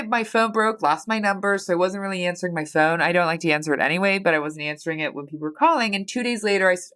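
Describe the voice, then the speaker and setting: Woman, 30s, American accent, solo podcast host; slightly low voice, candid, rambling, teary with a stuffy nose. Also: fast talker, hardly any pauses, a bit bright, smooth. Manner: candid, rambling, swears casually. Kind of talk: personal solo podcast chat.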